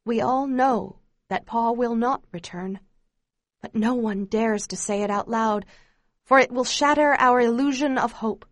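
A woman reading a first-person memoir aloud in a quiet, steady, grave storytelling voice. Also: a little high, measured pace, no room sound. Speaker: narrator.

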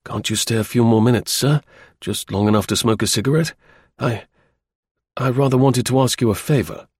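A man reading the part of a blunt, restless young gentleman, in a clipped upper-class manner. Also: mid-range voice, normal speed, slightly rough, no room sound, studio quality, lightly acted.

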